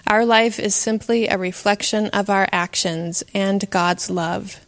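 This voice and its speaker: A woman reads an inspirational story in an unhurried, gentle manner. Her voice carries a long reverberant tail, as if read in a large space. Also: medium pitch, fairly even intonation. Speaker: narrator. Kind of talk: slow inspirational story reading.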